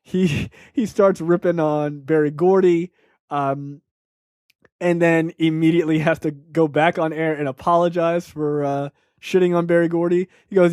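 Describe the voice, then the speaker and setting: A podcast host, a man with a noticeably high voice, chats in a loose, profane way, full of "like" and "um". He's close on a dry mic, with no room around him. His storytelling is animated and casual. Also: normal speed, clear, resonant tone, dry recording. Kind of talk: casual chat.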